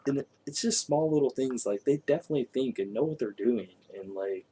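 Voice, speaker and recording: A man talking casually about video games in an animated way, laughing often and swearing. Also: mid-range voice, a little fast, breathy edge. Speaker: co-host. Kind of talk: casual gaming chat.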